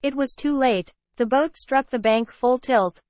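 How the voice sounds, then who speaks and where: A woman teacher reading a story aloud to children, pausing to explain words. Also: sits high, darkish tone, dry recording. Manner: clear, explaining, addresses children. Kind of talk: read-aloud lesson with word explanations.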